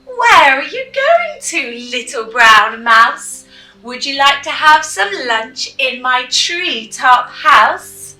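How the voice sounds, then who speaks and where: A woman voicing a hungry storybook owl in a high, sing-song voice. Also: big pitch swings, takes it slowly, bright, forceful tone, faint music behind, heavily acted. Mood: lofty. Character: hungry owl, lofty and hooting. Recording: roomy, slightly distant mic.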